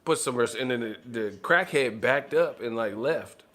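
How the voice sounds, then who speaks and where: Male channel host, casual storyteller, animated and profane, laughs often. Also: mid-range voice, normal speed.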